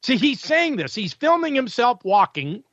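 A man's voice: very high voice, sing-song, moderate pace, a bit bright, no room sound, highs cut off. A male talk radio host delivering an opinionated, combative monologue full of sarcasm and rhetorical questions.

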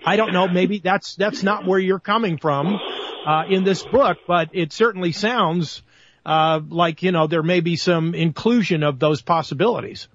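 A man's voice: sits high, normal speed, fairly bright tone, dull audio. A man hosting a talk radio show, asking long, rambling, hedged questions.

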